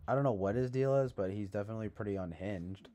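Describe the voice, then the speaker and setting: A man's voice: fairly low pitch, fast talker, warm tone. A man hosting a casual livestream, rambling with lots of fillers and a sarcastic edge. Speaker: livestream host.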